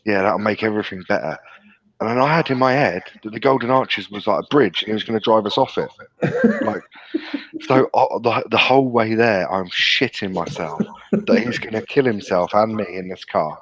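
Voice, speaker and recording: A man's voice: fairly low pitch, normal speed, fairly bright tone, low-quality recording. A man, co-hosting a podcast and telling childhood stories with constant swearing and laughter. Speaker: podcast co-host. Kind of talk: casual storytelling.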